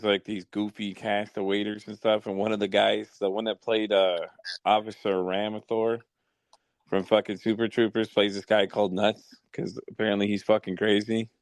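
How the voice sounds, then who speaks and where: A man's voice: fairly low pitch, no echo. A man hosting a podcast, telling stories in profane, rambling casual chat. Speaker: podcast host.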